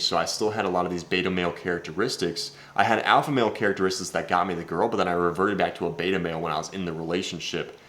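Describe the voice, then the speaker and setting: A man's voice: low-pitched, fairly bright tone. A young man coaching on dating, telling a story in a brash, swearing, casual vlog style.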